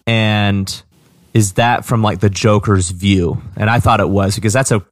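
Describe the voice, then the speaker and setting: A man with a lowish voice talks over a movie in an easygoing, halting way, restarting and repeating words. The sound is dry and close. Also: fairly even intonation, no room sound. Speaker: podcast co-host. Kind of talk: casual movie discussion.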